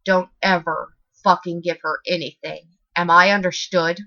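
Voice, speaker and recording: A woman's voice: fairly low pitch, little pitch movement, normal speed, a bit bright, dry recording. A woman voicing a sinister stitched male voodoo shop boss who talks sweetly and then growls, in a slightly muffled dry recording. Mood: growling. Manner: sweetly menacing, erupting into growls.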